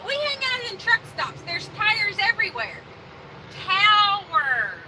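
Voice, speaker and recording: A woman's voice: extremely high pitch, sing-song, moderate pace, very noisy. A woman co-hosting a casual live stream from a truck cab, reading viewer comments and teasing her partner. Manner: teasing, corrects his pronunciation.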